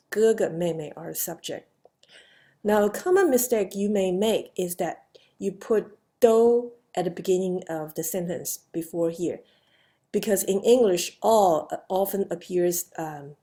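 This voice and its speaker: A woman's voice: lowish voice, dark tone. A woman teaching a grammar lesson patiently, with many fillers and repeated example phrases. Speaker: Chinese language teacher. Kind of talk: slow grammar lesson lecture.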